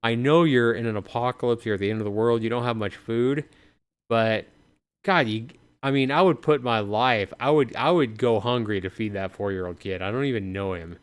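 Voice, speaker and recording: Chatting casually with viewers as he streams a game live, this man keeps up a talkative let's-play commentary. He speaks at normal speed with a medium pitch and a clear, resonant tone, but he's clearly tired and yawning.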